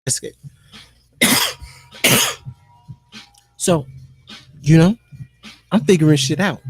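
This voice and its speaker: Male streamer, gravelly voice, loose profane chat, dry close sound. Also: fairly high pitch, dry recording. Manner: loose, profane, talks to himself and viewers. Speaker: live streamer. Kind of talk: casual rambling monologue.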